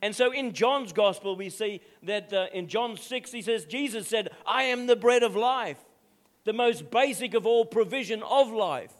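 A man's voice: high voice, normal speed. An older man, a pastor preaching a sermon with emphatic asides and frequent calls of "amen?".

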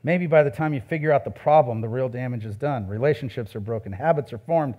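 A middle-aged male pastor preaching a sermon in a conversational way, with loud emphatic peaks and soft asides. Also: mid-range voice, quick pace, muffled recording.

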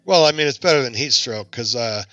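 A man's voice: mid-range voice, brisk, no room sound, highs cut off, faint music behind. A man hosting a podcast, telling a long story in casual chat and acting out the voices of the people in it. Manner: animated, acts out quoted voices in his stories. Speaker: podcast host.

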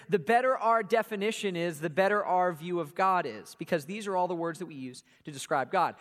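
A young man with a high voice gives a casual youth sermon in a church hall. He is playful and chatty, and he acts out his listeners' thoughts. The long reverb of the hall rings behind every line. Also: a bit bright. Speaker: youth pastor.

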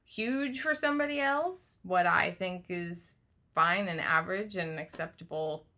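A woman's voice: on the low side, unhurried, pushed and bright, slight background noise. A woman co-hosting a casual podcast chat who teases boldly and laughs often. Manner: laughing, teasing, bold. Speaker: podcast co-host.

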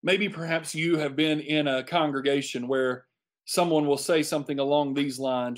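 Emphatic preacher man, slightly high voice. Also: fairly even intonation, normal speed. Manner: emphatic, repeats phrases for effect. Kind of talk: sermon.

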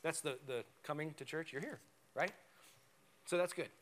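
High-voiced pastor preaching conversationally. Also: male voice, moderate pace, fairly bright tone. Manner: conversational, emphatic, frequent "right?" asides. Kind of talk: sermon. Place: church sanctuary.

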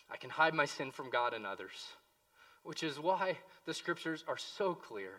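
A man preaching a sermon as pastor, impassioned, moving between hushed pleading and loud emphasis. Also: on the high side, very animated, moderate pace, distant mic.

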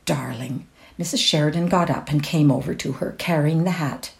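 A woman reads a classic short story aloud in a measured, expressive manner. Her voice sits low for a woman. She leans into the descriptive passages. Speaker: reader. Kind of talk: dramatic reading of a short story.

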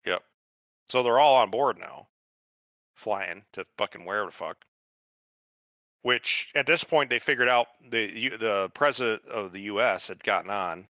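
A man's voice: on the low side, moderate pace, pauses often, pushed and bright, no room sound, highs cut off. A man co-hosting a podcast, casually retelling a TV show with heavy swearing and quoted voices. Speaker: podcast co-host. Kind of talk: casual chat recapping a TV show.

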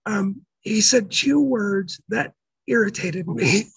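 A middle-aged pastor with a raspy, damaged voice, telling his life story earnestly in an interview, often halting and restarting. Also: sits high, fairly bright tone, dry recording, rough recording. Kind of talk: testimony in an interview.

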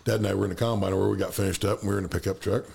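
A man's voice: sits low, fairly even intonation, very fast, vocal fry, a little mellow. A man who farms, telling easygoing stories in casual chat, laughing as he goes. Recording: roomy echo.

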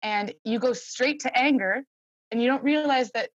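A woman's voice: fairly high pitch, moderate pace, no room sound, dull audio. A young woman speaking candidly as a podcast guest, reflective and open, with many fillers.

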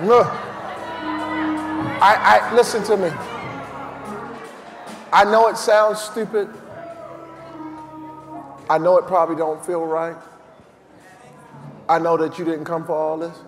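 A man preaching a shouted revival sermon, calling on the congregation to repeat his lines. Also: fairly high pitch, little pitch movement, takes it slowly, long pauses. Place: church service with a crowd. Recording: live church mic with music and crowd.

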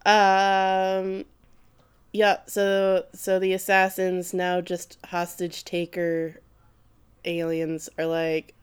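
A woman's voice: lowish voice, completely flat delivery, drawn-out words, clean tone. A woman co-hosting a casual podcast, recapping an anime with crude jokes and frequent laughs. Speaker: podcast co-host.

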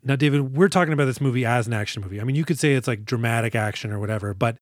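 A male podcast co-host recaps a movie in an animated, joking way and swears freely. His voice sits mid-range. The recording is dry and close. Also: medium pitch, rapid-fire, no echo. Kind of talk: casual movie review chat.

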